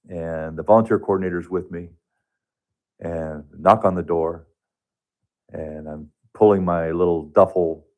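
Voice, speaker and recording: A man telling a personal story as a guest on a radio talk show, earnest and halting, often restarting his sentences. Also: deep voice, darkish tone. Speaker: radio guest, hospice touch therapist.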